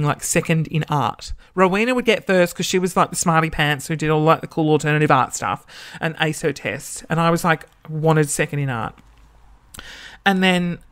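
Young Australian guy, vlogger, gossipy storyteller, swears a lot, dramatic gasps. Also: high voice. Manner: animated, gossipy, swears freely, breaks into gasps. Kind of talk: casual storytelling while sorting old school papers.

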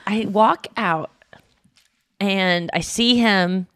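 A woman co-hosting a podcast, telling a story in casual chat, animated and swearing freely as she acts out what people said. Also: medium pitch, extremely slow, clear, resonant tone. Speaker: podcast co-host.

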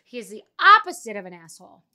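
A woman's voice: on the high side, very animated, quick pace, bright, forceful tone. A middle-aged woman hosting a podcast, talking in a blunt, profane, emphatic monologue. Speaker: podcast host. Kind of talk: casual monologue.

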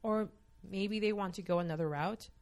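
A woman's voice: medium pitch, normal speed, darkish tone. A woman interviewer asking long, earnest questions.

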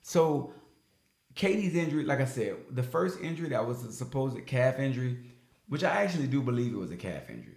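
Animated man in an echoey room. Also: medium pitch, fairly quick, vocal fry. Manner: animated, emphatic, slangy. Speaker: sports talk co-host. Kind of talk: casual opinionated sports talk. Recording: roomy echo.

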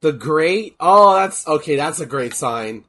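A man co-hosting a casual chat, excitable and swearing freely, his voice cracking from being sick. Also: fairly high pitch, unhurried. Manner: excitable, swears, laughs often. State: voice cracking from illness. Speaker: podcast co-host.

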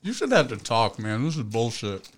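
Guy hosting a stream, mid pitch, cussing and joking with his mouth full. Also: sing-song, normal speed, slightly rough. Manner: joking, profane, eats while talking. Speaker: host. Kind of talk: casual livestream chat.

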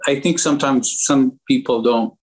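A man's voice: mid-range voice, fairly even intonation, moderate pace, husky, rough recording. A man from Lebanon, interviewed as an entrepreneur and art collector, telling rambling anecdotes with restarts.

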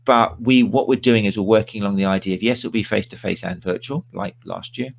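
Gravelly low-voiced male host. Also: fast talker. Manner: chatty, self-deprecating, full of ums. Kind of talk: live-stream chat.

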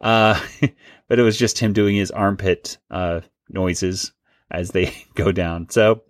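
A man's voice: low voice, fairly even intonation, slow pace, no room sound, studio quality. A man hosting a casual podcast chat, talking loosely and laughing often. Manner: chatty, laughs often, restarts. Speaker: podcast host.

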